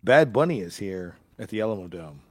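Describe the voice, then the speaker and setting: A man co-hosting a casual chat, excitable and profane, laughing easily. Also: on the low side, brisk, no echo, studio quality. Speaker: co-host.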